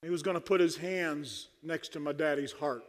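A man's voice: fairly high pitch, moderate pace. A man preaching a sermon at a conference, fervent and dry-humored. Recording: long hall reverb.

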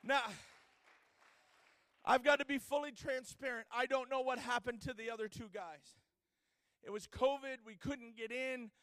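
A man with a strikingly high voice delivers a sermon as a dramatic story. He plays out the voices of the people he tells about. The sound is close and dry, with no room echo. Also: fairly even intonation, a little slow, long pauses, sharp tone. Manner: dramatic storyteller acting out quoted speech. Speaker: preacher.

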